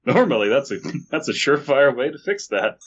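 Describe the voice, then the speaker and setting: A man co-hosting a comedy podcast, rambling through halting comic bits. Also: mid-range voice, big pitch swings, breathy edge. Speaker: podcast co-host. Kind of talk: casual comedic chat. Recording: dull lo-fi mic.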